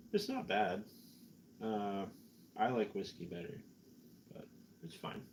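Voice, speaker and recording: A man's voice: lowish voice, sing-song, slow, pauses often, slight background noise, low-quality recording. A Canadian man chatting in a rambling, self-mocking way while painting miniatures on a stream, a little tipsy. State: tipsy from drinking. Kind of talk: casual chat while painting.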